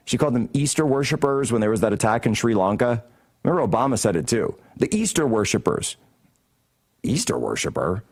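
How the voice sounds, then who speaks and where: A man's voice: medium pitch, a little mellow. A man hosting a political talk show from a studio, delivering heated commentary in a combative, sarcastic, mocking way. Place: broadcast studio.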